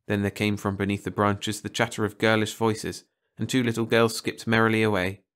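A man narrating a science fiction story aloud as a bedtime audiobook, reading in a playful, expressive way. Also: lowish voice, brisk, clear, resonant tone.

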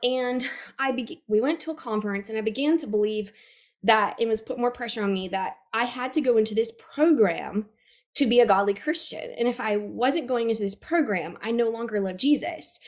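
A woman's voice: a little high, brisk, a little mellow. A woman guest in an interview, candidly and earnestly telling her personal story. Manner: candid, earnest, retells scenes in quotes. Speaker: guest, abuse advocacy worker.

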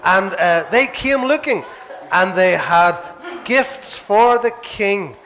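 A Northern Irish minister spins a Bible story for children, lively and playful. His voice sits notably high for a man and carries a gravelly rasp. He sounds like he is speaking in a church. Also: slow, crowd noise.

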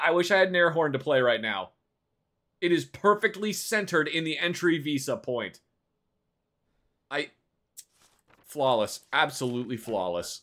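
A man's voice: a little high, big pitch swings, unhurried, long pauses, a bit bright. A male streamer giving casual live commentary on a game. He jokes and teases in a mock-official tone. His voice rises and falls a lot. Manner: playful, teasing mock-official banter.

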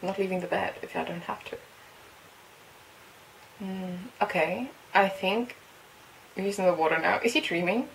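A woman speaks English as a second language in casual, excitable commentary. Her pitch sits in an ordinary middle range. She muses aloud, then breaks into squeals and giggles. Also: moderate pace, creaky, pauses often, a little hiss or hum, low-quality recording. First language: not English. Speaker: webtoon reaction host.

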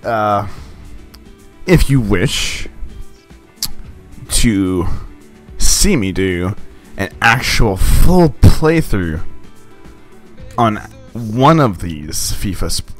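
A young man casually commenting on his own gameplay, excitable and rambling, swearing and laughing often. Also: lowish voice, extremely slow, pauses often, faint music behind.

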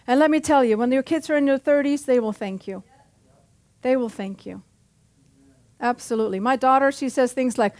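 A woman's voice: high voice, moderate pace, pauses often, darkish tone. A middle-aged woman pastor preaching a sermon in a church, punchy and joking, often calling out for an amen. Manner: punchy, joking, calls for amens.

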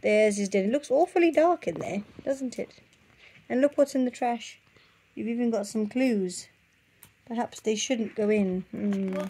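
A young mother reading a picture book aloud to her little ones, in a fairly high voice. She coaxes them along, asks questions and makes the story lively. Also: measured pace, husky. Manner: warm, coaxing and expressive with children. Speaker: parent reading to children.

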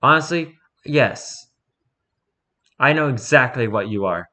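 A man's voice: medium pitch, animated, unhurried, sharp tone. A man voicing a stern, detached male researcher doctor who gives orders to prisoners.

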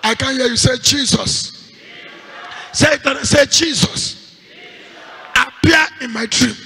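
A Nigerian man leads a night vigil in a big church hall, his voice pitched very high and gravelly as he shouts out prayer declarations. He calls on the congregation to answer back. His sharp, bright tone rings out across a long echo. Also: slow pace, long pauses, some chatter behind. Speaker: pastor. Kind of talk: fervent vigil prayer and sermon.

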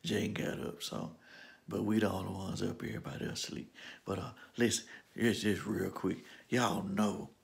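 Brief: man, low gravelly voice, laid-back family vlogger at home. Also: steady tone, normal speed. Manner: speaking low to keep from waking the house. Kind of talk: casual family vlog. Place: home kitchen.

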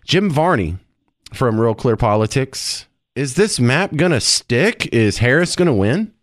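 A brash, joking male talk radio host speaking into a studio microphone, with a mid-range voice. The sound is dry and close, with no room around it. His delivery is animated and he talks right at the listener. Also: mid-range voice, unhurried, no echo. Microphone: studio mic.

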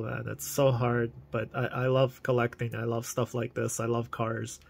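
A man's voice: medium pitch, little pitch movement, moderate pace, vocal fry, breathy edge. A man casually reviewing collectible toy cars in an enthusiastic, chatty way, full of fillers.

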